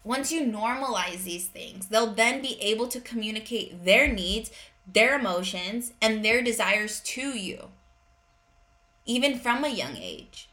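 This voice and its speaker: A woman's voice: a little high, animated, measured pace, sharp tone. A woman in her thirties hosting a parenting podcast, speaking earnestly and directly in a conversational monologue.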